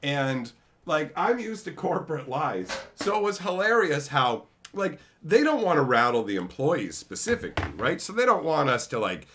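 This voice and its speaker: A man in his thirties chats casually on a stream in a voice on the high side, at a normal speed, with a little hiss or hum underneath. He's animated, sarcastic and jokey, swinging into funny voices.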